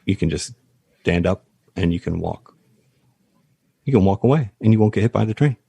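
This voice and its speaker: A man guesting on a business podcast, an animated storyteller who explains through analogies. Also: low voice, moderate pace, vocal fry, breathy edge, no echo. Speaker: guest, practice valuation advisor. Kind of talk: podcast interview.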